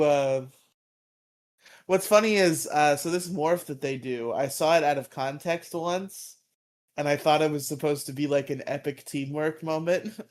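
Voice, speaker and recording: A young man co-hosting a podcast, casually recapping a show, swearing freely and tossing in quick character impressions. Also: a little high. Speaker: podcast co-host.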